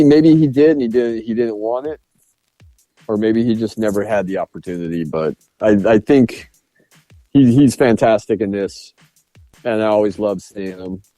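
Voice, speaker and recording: Low, mellow-voiced man chatting about films. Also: no room sound. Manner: laughing, profane, enthusiastic. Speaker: podcast co-host. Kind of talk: casual film review chat.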